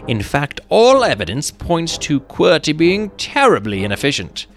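A man's voice: a little high, gravelly, a bit bright. A man reading an article aloud in an emphatic, rhetorical way.

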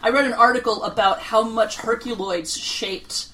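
A chatty woman co-hosting a podcast, often restarting her sentences. Her voice has a bright, sharp edge. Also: on the high side, fairly even intonation, moderate pace, low-quality recording. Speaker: podcast co-host. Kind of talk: casual chat.

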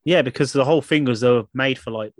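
A man with a Birmingham accent hosting a podcast in casual chat, animated and quick to laugh, with some swearing. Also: mid-range voice, no echo, clean studio sound. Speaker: podcast host.

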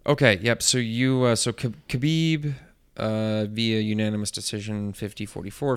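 A man's voice: fairly low pitch, steady tone, normal speed, hardly any pauses, a bit bright, smooth. A man in casual chat, curious and blunt, asking many questions and reading out results.

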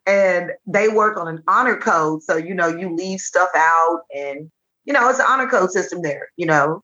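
A woman from Chattanooga, a comedian guest telling animated, jokey stories in casual chat. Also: on the low side. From Chattanooga, Tennessee. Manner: animated, jokey, rapid bursts. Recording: dull lo-fi sound.

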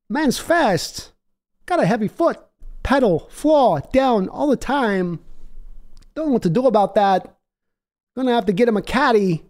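A man putting on the voice of a hesitant male team executive who speaks in halting, oddly paused phrases. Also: high-pitched, voice pushed up.

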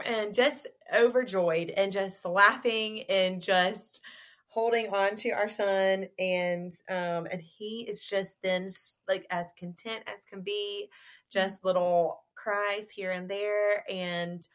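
A young woman tells her story as a guest in a relaxed podcast interview. Her telling is animated and full of giggles and laughs. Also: mid-range voice, slow.

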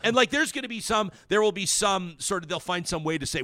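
A man hosting a talk show, commenting on news in a casual, animated and indignant way with many restarts. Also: sits high, brisk, few pauses, dry recording.

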